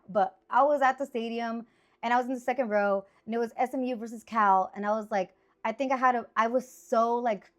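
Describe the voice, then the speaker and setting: A sports picks host, a woman in her thirties with a slightly high voice, runs through her picks in a loose, chatty style. She rambles and breaks into excited exclamations, sounding animated and informal.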